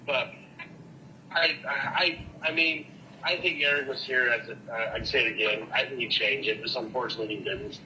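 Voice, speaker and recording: A man's voice: medium pitch, fairly even intonation, a little fast, bright, forceful tone, slight background noise. A man chatting casually on a phone call, saying bro and right a lot.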